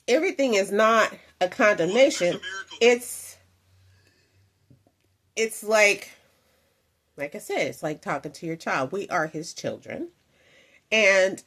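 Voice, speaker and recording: A woman's voice: lowish voice, a bit bright. A woman hosting and commenting on a clip of faith teaching, talking reflectively with many fillers and asides.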